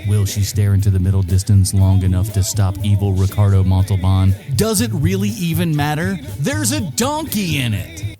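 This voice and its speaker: Spoof trailer narrator, hushed and dramatic, low and rolling, put on by a man. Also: animated, moderate pace, music in the background, natural voice. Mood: mock epic. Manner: half-whispered dramatic voice-over. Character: hushed mock movie-trailer announcer man.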